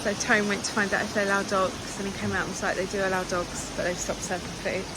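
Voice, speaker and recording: A woman hosting a casual travel vlog, chatty and excitable with quick asides, filming on a handheld camera. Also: mid-range voice. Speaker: vlogger. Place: in a campervan on the road and outdoors. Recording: loud road and wind noise.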